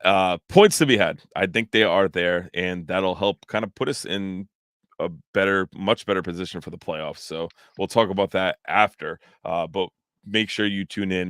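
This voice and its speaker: A man hosting a casual soccer podcast from a spare room at home, relaxed and rambling with fillers. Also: low-pitched, creaky, dry recording, studio quality. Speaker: podcast host.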